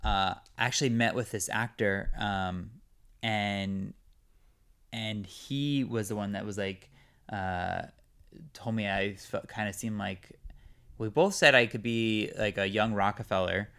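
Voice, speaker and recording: A young man from California talks as a guest on a casual podcast. His voice is smooth and resonant, sitting a little low. He rambles and leans on fillers. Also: measured pace, fairly bright tone. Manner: rambling, many fillers, chatty. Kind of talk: casual interview chat.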